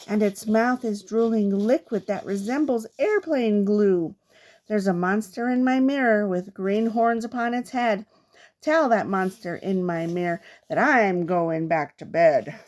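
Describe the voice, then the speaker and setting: An older woman, a grandmother, reading children's poems aloud in a playful, expressive way. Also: mid-range voice. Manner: playful, expressive read-aloud with comic trailing-off.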